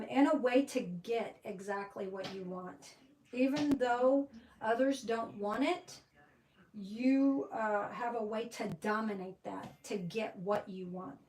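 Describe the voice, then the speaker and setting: A woman's voice: on the high side, a little mellow, recorded from a distance, rough recording. A woman giving a tarot reading, rambling with many fillers and restarts. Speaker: tarot reader.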